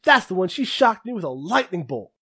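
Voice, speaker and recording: Whiny tattling student, high and accusing, put on by a man. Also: very animated, brisk, bright, forceful tone, breathy edge, exaggerated voice. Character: tattling young student, indignant.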